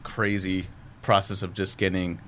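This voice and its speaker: A man's voice: sits low, flat delivery, a bit bright, a little hiss or hum. A young adult man, a film director guest, telling stories in a casual podcast interview with a chatty manner. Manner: fast, chatty storytelling with frequent laughs.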